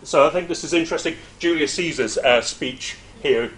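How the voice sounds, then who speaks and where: A middle-aged man, a university lecturer, giving an informal academic presentation in a lively, chatty way with frequent hesitations and asides. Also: on the high side, normal speed, hardly any pauses.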